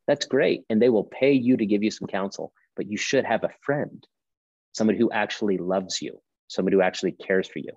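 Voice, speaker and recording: Brief: male pastor guest, low voice, emphatic preaching cadence, dull lo-fi sound. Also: brisk, darkish tone, slightly rough, dry recording. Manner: emphatic, preacherly, rhetorical questions. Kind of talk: podcast conversation.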